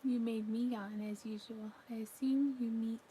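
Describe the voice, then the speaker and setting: A woman's voice: fairly high pitch, fairly even intonation, moderate pace, warm tone, a little hiss or hum, rough recording. A woman chatting casually on a crafting live stream, reading out viewer comments and yawning now and then. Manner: chatty, yawning, talks to her pet between comments. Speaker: livestream crochet crafter. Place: home.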